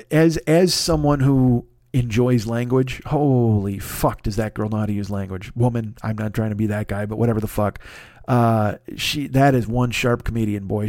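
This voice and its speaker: A man who is a stand-up comedian, hosting a podcast and telling a profane story as a monologue that builds in excitement. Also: mid-range voice, no room sound, clean studio sound. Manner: animated, swearing, rants with mounting excitement. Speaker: podcast host.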